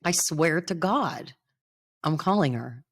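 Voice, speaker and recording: A woman with a notably low voice co-hosts a podcast in casual chat. Her pitch swings widely as she giggles and jokes, and she swears bluntly and freely. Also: expressive, slow pace, husky. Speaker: podcast co-host.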